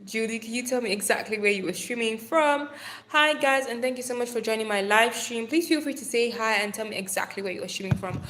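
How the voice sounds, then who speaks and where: A bubbly young woman hosts a casual live stream on her phone, chatting warmly with her viewers. Her voice sits a little high, and she jokes, teases, calls people darling and drops the odd swear word. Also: a little fast. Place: Nigeria.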